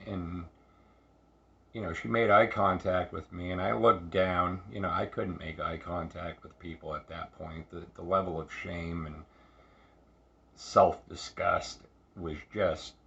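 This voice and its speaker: A man shares his recovery story, halting, repeating himself, and restarting often as he reflects. His voice is low and gravelly with a bright edge, and the recording sounds dull and lo-fi.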